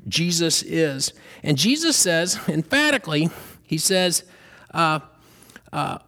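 A man's voice: high voice, fairly bright tone. Earnest male preacher, lilt. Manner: earnest, questioning, with fillers and restarts. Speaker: pastor. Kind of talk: sermon.

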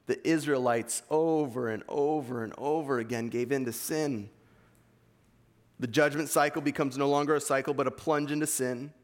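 A man's voice: mid-range voice, fairly even intonation, moderate pace. A man with an East Coast American accent preaching a sermon, reading scripture and pressing his points earnestly. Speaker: pastor. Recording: long hall reverb.

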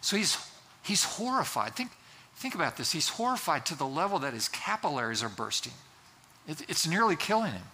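A man's voice: fairly high pitch, sing-song, fairly quick, sharp tone, slight background noise. A man preaching a sermon in a conversational way, with fillers and restarts. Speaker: pastor.

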